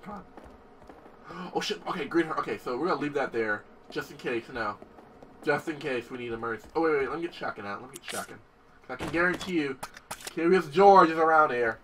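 An excitable man talks casually through his gameplay, often breaking into shouts. His voice sits a little high and sounds bright and lively, swinging widely in pitch. He is recorded from a distance from the mic, with game music playing faintly behind him. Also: a little hiss or hum. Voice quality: excitable, squeals and shouts in disgust. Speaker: gaming video host. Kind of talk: casual let's-play commentary.

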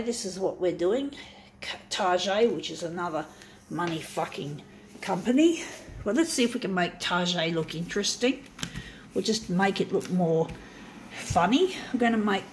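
An Australian-accented woman vlogger gripes sarcastically and swears freely in a casual rant to her viewers, with a copier running in the room. Her voice is medium-pitched and expressive at a moderate pace. The audio is poor, with slight background noise.

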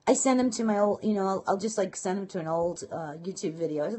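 A woman with a Brooklyn accent talking casually to viewers on a live stream, quick and chatty with lots of fillers and restarts. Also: medium pitch, warm tone, slightly rough. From Brooklyn, New York. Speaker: blogging and marketing coach. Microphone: phone or webcam live stream.

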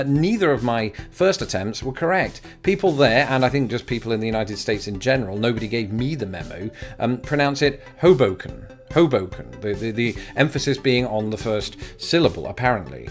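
A young English man hosting a casual vlog, talking with wry, self-deprecating asides. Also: medium pitch. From England. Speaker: YouTube host.

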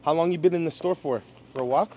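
Brief: man, street vlogger, relaxed and chatty, higher than usual voice, outdoors. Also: very fast, a little hiss or hum. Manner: easygoing, says "yeah" and "man" a lot. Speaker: vlogger and rapper. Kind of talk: casual street interviews.

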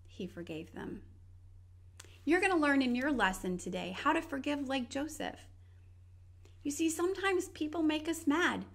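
High, encouraging woman presenting to kids. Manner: warm, encouraging, speaking straight to children. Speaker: children's ministry presenter. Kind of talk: scripted kids' Bible lesson.

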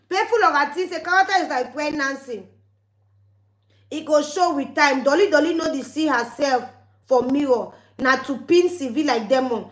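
Scolding high-voiced woman, pidgin accent. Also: lively intonation, brisk, reverberant. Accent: West African Pidgin English. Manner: scolding, heated, with repeated warnings. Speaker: vlogger. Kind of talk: angry ranting monologue to viewers.

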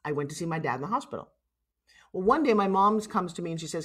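A woman in her sixties from New York, with a New York accent, telling personal stories as a guest speaker in a lively, blunt, salty way over a video call. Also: low-pitched, fast, husky. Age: 60s. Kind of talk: personal storytelling.

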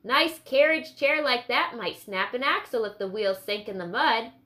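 A squat, sunburned ferryman pitching his boat with cheerful persistence, as a woman narrator puts him on. The voice stays bright and raised, coaxing and talkative, as in an audiobook. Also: expressive, moderate pace. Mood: persuasive. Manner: persuasive sales pitch. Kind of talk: audiobook character reading.

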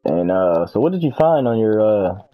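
A man's voice: lowish voice, big pitch swings, moderate pace, phone-quality sound, faint music behind. A man hosting a gaming video, chatting casually and rambling through self-corrections while he plays. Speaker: gaming channel host. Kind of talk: casual gameplay chat.

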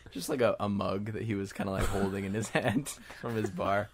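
A man's voice: fairly low pitch, normal speed, a little hiss or hum. A man narrating a tabletop game as game master, casual and giggly, with lots of fillers.

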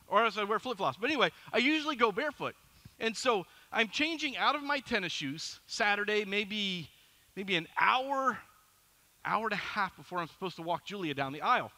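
A middle-aged pastor with a high-pitched voice preaches a sermon. He tells a story in an animated, self-deprecating way.

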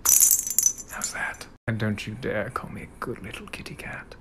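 A man's voice: a little slow, heavy background noise, close to an everyday voice. Cat Noir as a suave Victorian gent, done by a man. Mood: flirty, teasing. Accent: put-on posh British. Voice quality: low, sultry, half-whispered. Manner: teasing, suave, flirtatious.

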